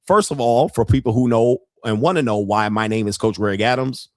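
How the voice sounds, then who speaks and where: A man's voice: mid-range voice, brisk, no room sound. A man in his forties hosts his own show in an unfiltered, comic rant, his voice sitting in a middle register. The sound is dry and close, with no room around it. He curses freely, laughs at his own stories and jumps into voices as he acts out little street encounters. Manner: profane, animated, laughs often, acts out street exchanges. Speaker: podcast host. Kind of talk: unfiltered comedic commentary.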